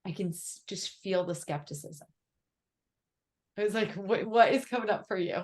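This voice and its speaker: A woman's voice: medium pitch, moderate pace, darkish tone. Young woman coach rambling casually on a call, lots of likes. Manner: chatty, filler-heavy, lots of "like". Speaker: business coach.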